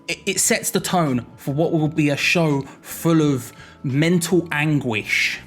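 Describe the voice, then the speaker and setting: A man's voice: on the high side, slow pace, a bit bright, soft background music. Rambling YouTuber, jokey man. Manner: rambling, jokey, self-correcting. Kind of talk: comic explainer vlog.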